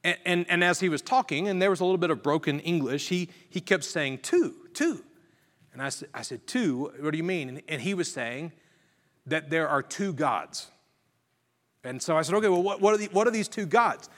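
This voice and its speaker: A man preaching from the pulpit, telling a personal story with earnest storytelling that builds into emphatic preaching. His voice sits a bit high. The sound carries a long reverb from a large hall. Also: a little fast, fairly bright tone. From Virginia. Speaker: pastor. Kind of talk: sermon testimony.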